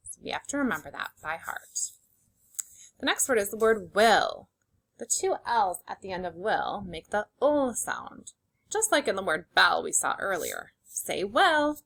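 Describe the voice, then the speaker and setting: A young adult woman teaching a phonics lesson to young children, sounding out each letter sound slowly and clearly and praising with upbeat encouragement. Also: medium pitch, sharp tone.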